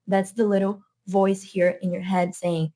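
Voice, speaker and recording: A woman's voice: mid-range voice, flat delivery, a little slow, dark tone. A woman with a non-native accent, a language coach giving an earnest motivational talk to camera, repeating her points for emphasis.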